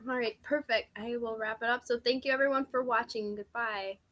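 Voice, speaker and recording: A woman's voice: on the high side, fairly even intonation, fairly quick. A woman from the United States hosting an interview, talking in an effusive way with lots of fillers. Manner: warm, effusive praise with many fillers. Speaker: interview host. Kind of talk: casual interview chat.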